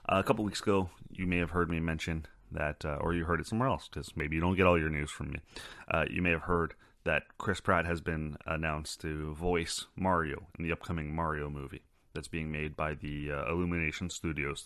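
A man's voice: very deep voice, a bit bright, dry recording, clean studio sound. A man hosting a casual solo podcast, talking in a loose, rambling and profane way. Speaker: podcast host.

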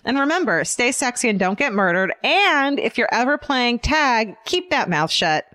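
A woman's voice: fairly high pitch, big pitch swings, moderate pace, sharp tone, dry recording. A woman co-hosting a comedy podcast, reading a listener's email aloud with jokey asides. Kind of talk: casual comedic podcast chat.

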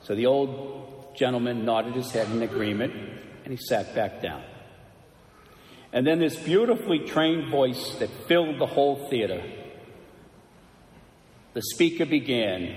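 A male priest delivers a sermon with an unhurried, deliberate pace, letting each phrase settle. His voice sits at an ordinary middle pitch. The sound carries a long, ringing church reverb around it. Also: expressive, a little mellow. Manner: slow, measured storytelling delivery.

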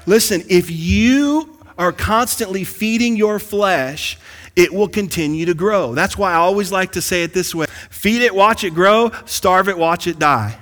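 A man preaching a sermon as pastor to his congregation, calling out to them and building to excited bursts. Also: sits high, measured pace. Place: large church sanctuary. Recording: long hall reverb.

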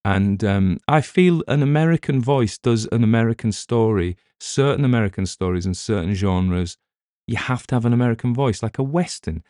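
A man's voice: medium pitch, normal speed, dark tone, dry recording, clean studio sound. A middle-aged man with a British accent, an audiobook narrator rambling in casual chat with wry asides.

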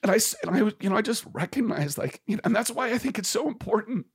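A man's voice: high-pitched, animated, fast, slightly rough. A man talking earnestly and with passion in a casual conversation, swearing freely and sometimes dropping to a whisper.

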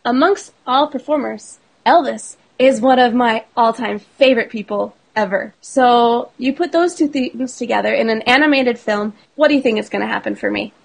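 A woman's voice: fairly high pitch, vocal fry, poor audio. A woman co-hosting a podcast, talking enthusiastically and chattily about a film's music, explaining points in a list. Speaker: podcast co-host. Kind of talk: casual podcast chat.

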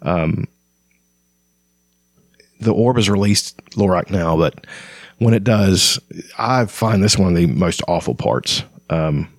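A man with a very low voice talks through a book in a loose, casual way, full of pauses and restarts. His voice sits close to the mic in a dry setting with no room echo. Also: animated. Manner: conversational with frequent fillers and restarts. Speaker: book discussion host.

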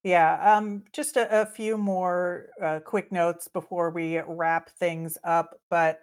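A woman's voice: lowish voice, fairly even intonation, slow pace, clear, resonant tone. A young adult woman co-hosting a hockey podcast, chatting casually and upbeat with many fillers. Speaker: podcast co-host.

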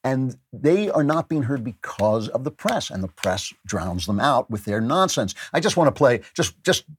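A man's voice: mid-range voice, very animated, normal speed, slight background noise. A male podcast host giving emphatic, sardonic political commentary, repeating phrases for stress.

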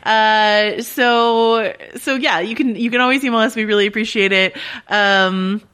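A woman co-hosting a TV recap podcast, chatty and quick to laugh, with plenty of fillers and restarts. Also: a little high, steady tone, fairly bright tone, smooth. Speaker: podcast co-host. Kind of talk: casual TV recap podcast chat.

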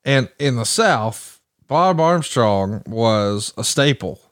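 A man's voice: medium pitch, lively intonation, slow, no room sound, clean studio sound. A man hosting a casual chat, telling listeners old stories with enthusiasm. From American South. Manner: informative, storytelling, enthusiastic. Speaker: podcast host.

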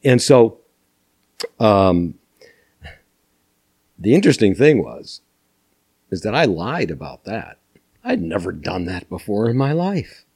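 An older man from Minnesota, a podcast guest telling animated anecdotes with chuckles. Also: fairly low pitch, takes it slowly, long pauses, breathy edge. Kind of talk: storytelling interview.

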